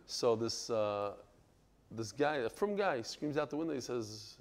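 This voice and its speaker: A man from Brooklyn, New York, teaching a Talmud class in a lively, digressive way, breaking into joking stories. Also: mid-range voice, a little slow. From United States (Brooklyn, New York).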